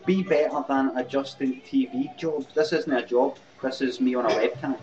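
A man's voice: medium pitch, steady tone, normal speed, few pauses, over music. A Scottish man hosting a live webcam comedy show, mocking and sarcastic, swearing often. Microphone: webcam mic. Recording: dull lo-fi webcam audio.

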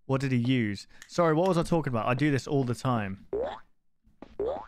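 A man's voice: mid-range voice, expressive, a little fast, darkish tone. Rambling gaming streamer guy. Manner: rambling, easily sidetracked, swears often. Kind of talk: live-stream gameplay commentary.

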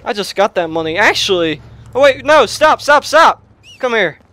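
A young man giving excitable gameplay commentary on his own gaming channel, shouting and yelping at the game between quick chatter. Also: high-pitched. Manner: loud, yelps and shouts at the game. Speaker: let's play gamer. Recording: lo-fi restored audio.

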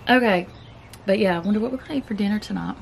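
Rapid-fire and creaky, this mid-range woman's voice comes with a little hiss or hum. She's a keto vlogger with a Southern US accent, casually chatting and chewing as she reviews keto snacks in a laid-back way.

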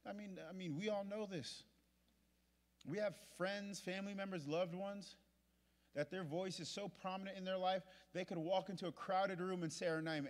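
A male pastor preaching a sermon in a large church auditorium, repeating his points and moving from hushed to loud. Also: high voice. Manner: impassioned, repetitive preaching that swings from hushed to loud. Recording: long hall reverb.

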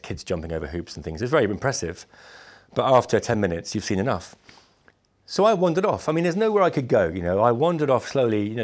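Male storyteller with a fairly low voice. Wry, amused, talks straight to camera. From Britain. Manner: animated, acts out other people's lines. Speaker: musician recounting travels.

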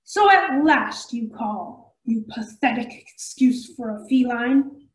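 A woman voicing a grandiose, haughty male alien warlord cat, slow and commanding. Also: a little high, lively intonation, echoey room, low-quality recording.

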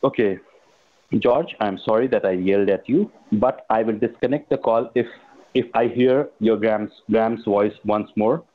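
A man's voice: fairly low pitch, measured pace. A phone scammer, a man who sounds impatient, pleads and repeats himself. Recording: tinny phone line.

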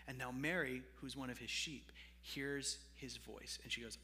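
A man's voice: mid-range voice, normal speed, hardly any pauses, bright, forceful tone, big-room sound, a little hiss or hum. A man preaching a sermon as pastor, conversational, with asides to the congregation. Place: church sanctuary.

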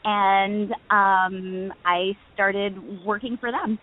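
A woman in her thirties, a guest actress, calls in over a phone line to a casual interview, telling stories and laughing often in a bubbly way. Her voice sits at medium pitch with fairly even intonation, she draws out her words, and there's noise in the background.

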